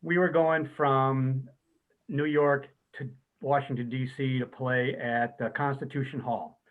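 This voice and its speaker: A man's voice: mid-range voice, unhurried. A man telling funny anecdotes at an online memorial, laughing often as he talks. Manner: laughing, lively storyteller. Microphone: video call. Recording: tinny phone-like call audio.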